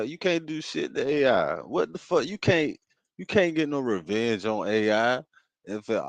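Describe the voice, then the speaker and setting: A man co-hosting a casual talk show, speaking profanely and building into loud rants. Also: fairly low pitch, no room sound. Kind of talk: casual chat.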